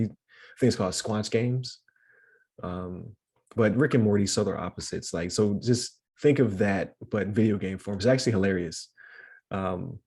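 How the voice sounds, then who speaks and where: A man with a low, gravelly voice and a husky edge, chatting casually as a podcast co-host. He rambles along with plenty of fillers and laughs often as he talks. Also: darkish tone. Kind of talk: casual chat.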